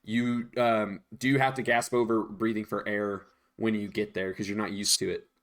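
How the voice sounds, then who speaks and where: Relaxed man running a tabletop game. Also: lowish voice, normal speed. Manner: relaxed, hesitant with many ums. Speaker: game master.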